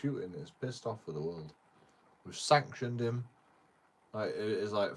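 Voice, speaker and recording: A man's voice: fairly low pitch, measured pace, a little hiss or hum. A man, commenting casually on a clip in a rambling, swearing manner. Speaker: streamer reacting to a clip.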